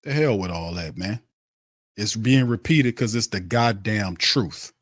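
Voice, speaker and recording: A man's voice: fairly low pitch, measured pace, no room sound, studio quality. A man hosting a sports podcast, delivering a blunt, heated, profane rant that hammers the same points home.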